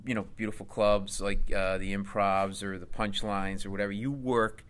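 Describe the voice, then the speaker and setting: Animated man telling a comic story. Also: on the low side, normal speed, clear, resonant tone. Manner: animated, acts out voices. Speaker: comedian guest.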